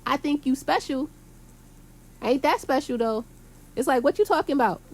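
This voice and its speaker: A woman, rambling to her viewers in a loose, emphatic monologue. Her voice sits a little high, and her talk is full of slang, "yo"s and curses. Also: lively intonation, moderate pace. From Brooklyn, New York. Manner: rambling, emphatic, heavy street slang with frequent yo and cursing. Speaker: vlogger. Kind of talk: casual rambling monologue to camera.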